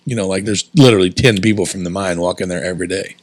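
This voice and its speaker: A young man from Southern Indiana, co-hosting a podcast, telling a story in casual chat, animated and swearing freely. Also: low-pitched, quick pace, dry recording. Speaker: podcast co-host.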